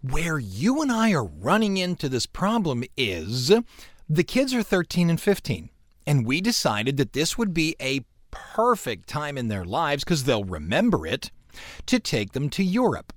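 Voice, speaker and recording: A man's voice: a little high, wildly swooping pitch, a little slow, no room sound, clean studio sound. A middle-aged man hosting a radio show, chatting casually and telling stories with sound effects and mock indignation. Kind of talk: casual on-air chat.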